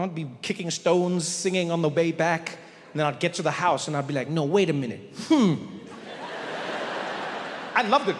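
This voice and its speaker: A man telling stories as a stand-up comedian in an animated, conversational way. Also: high voice, long reverb tail, slight background noise. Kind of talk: stand-up storytelling.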